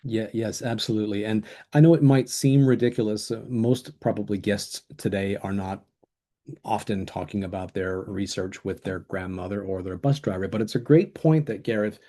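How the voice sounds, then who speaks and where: A man's voice: fairly low pitch, normal speed, mellow. A middle-aged man co-hosting a webinar on a video call, speaking reflectively, agreeing with his co-presenter and stumbling a little. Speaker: webinar co-host. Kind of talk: webinar discussion. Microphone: desk microphone on video call.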